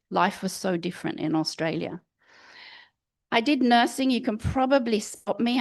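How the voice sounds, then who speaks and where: A woman in her sixties, a midwifery professor, gives an inaugural lecture in a lecture hall, telling lively personal anecdotes straight to the audience. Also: medium pitch. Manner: lively anecdotal storytelling, speaks to the audience directly. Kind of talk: personal storytelling lecture with slides.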